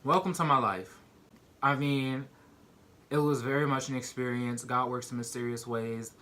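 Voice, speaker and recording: A young man telling a personal story to his viewers in a casual, animated way, full of "like" and "y'all". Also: mid-range voice, moderate pace. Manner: animated, addresses viewers as "y'all", many "like" fillers.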